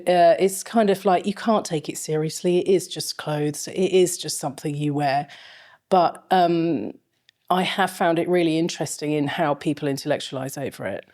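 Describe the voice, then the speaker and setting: A middle-aged woman with a low, mellow voice speaks as an interview guest. She tells long, meandering anecdotes and fills them with frequent ums and restarts. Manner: rambling anecdotal storytelling with frequent fillers. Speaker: fashion film lecturer, guest. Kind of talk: casual interview chat.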